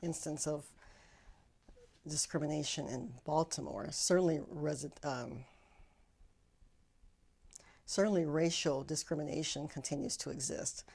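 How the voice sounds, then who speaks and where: A woman answering interview questions as an expert, speaking carefully and deliberately, pausing to rephrase. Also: low-pitched, vocal fry, darkish tone, husky. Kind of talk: measured academic explanation.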